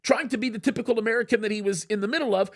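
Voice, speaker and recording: High-voiced man telling a lively story. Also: very fast. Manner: animated, acts out quoted speech. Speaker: show host. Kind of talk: casual studio storytelling. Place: studio.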